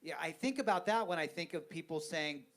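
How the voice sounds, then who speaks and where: A man's voice: on the high side, expressive, fairly quick, a bit bright. A man from Southern California hosting a casual podcast chat, rambling with hesitant restarts.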